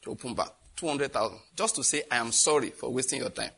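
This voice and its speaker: A middle-aged Nigerian man preaching, telling a lively story and acting out the voices of the people in it, laughing often. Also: mid-range voice, fast, creaky, heavy background noise. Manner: animated, acts out voices in anecdotes, laughs often. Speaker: pastor. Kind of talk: storytelling sermon.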